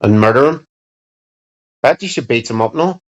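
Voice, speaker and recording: A man's voice: mid-range voice, expressive, normal speed. A man hosting a livestream, chatting casually and bluntly to his viewers with plenty of swearing. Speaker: livestream host. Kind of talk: casual rambling chat to viewers. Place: home streaming setup. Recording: dull lo-fi sound.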